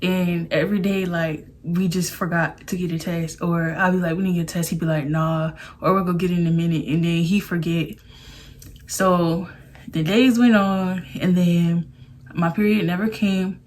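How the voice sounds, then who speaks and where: A young woman vlogger talks to her camera in a loose, chatty storytime manner, with "like" scattered through her sentences. Her voice sits a little low for a woman. A faint hum of room ambience runs under it. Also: fairly even intonation, normal speed, a little mellow. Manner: chatty, loose, says "like" a lot.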